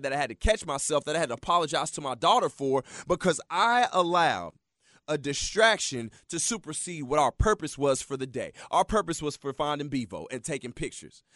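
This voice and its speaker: A man in his thirties hosting a motivational radio talk show, telling stories in an animated, preachy way and calling his listeners y'all. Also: fairly high pitch, no room sound, clean studio sound. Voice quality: animated storyteller, swings loud when excited.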